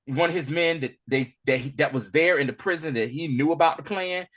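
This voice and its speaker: A man casually retelling a TV episode in loose, slangy speech, animated and acting out bits as he goes. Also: a little high, fairly quick. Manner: animated storyteller, loose and slangy, acts out lines. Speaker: podcast co-host recapping a TV episode. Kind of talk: casual recap chat.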